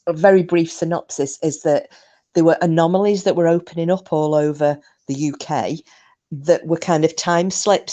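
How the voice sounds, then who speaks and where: A woman's voice: low-pitched, mellow. A middle-aged woman, chatting casually to her live stream viewers in a rambling way with frequent laughs.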